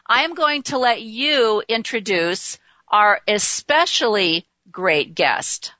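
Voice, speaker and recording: An effusive woman in her fifties hosts an internet talk show with a bright, forceful voice. She rambles happily between topics. The sound is dry and a little dull. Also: on the high side, animated, takes it slowly, no echo. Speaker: host.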